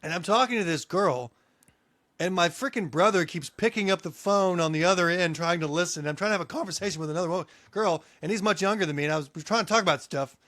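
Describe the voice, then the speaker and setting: A man's voice: high voice, fast, a bit bright, no echo. Chatty man telling stories. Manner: storytelling, laughs often. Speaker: podcast co-host. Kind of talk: casual chat.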